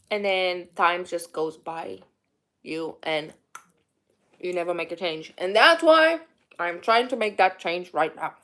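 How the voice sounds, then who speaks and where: A young woman from Romania with a mixed Romanian accent, chatting candidly to viewers in a rambling way with many fillers. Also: fairly low pitch. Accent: Romanian, mixed with British and Irish. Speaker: vlogger. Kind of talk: casual eat-with-me chat answering viewers.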